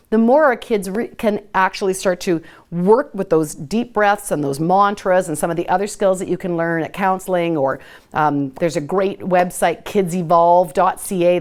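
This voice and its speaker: Woman, middle-aged, host, live webinar talk, animated, sing-song moments. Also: medium pitch. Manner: animated, sing-song when modeling what to say to kids. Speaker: parenting educator hosting a live session.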